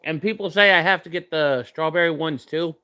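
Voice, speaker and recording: Bright, crisp young man vlogging. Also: a little high, fairly quick. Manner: rambling, hesitant, many fillers; talks while eating, mouth full. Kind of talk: casual snack-tasting vlog.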